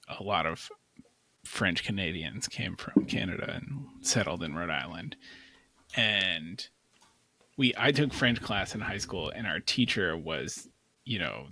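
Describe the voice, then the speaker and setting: A man's voice: deep voice, sharp tone, no room sound. A man co-hosting a podcast, telling an anecdote in casual chat and laughing between phrases. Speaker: podcast co-host.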